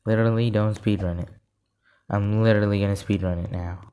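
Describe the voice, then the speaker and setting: A man giving live gameplay commentary, excitable and easily frustrated, often saying "literally". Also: fairly low pitch, a little fast, smooth. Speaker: gaming video creator.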